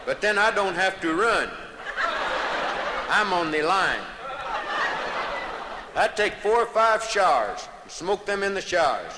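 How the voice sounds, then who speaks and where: A comedian voicing a boastful male athlete who pitches cigarettes in a slow drawl. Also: animated. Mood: smug pitchman. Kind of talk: stand-up character bit. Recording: roomy live hall recording, noisy.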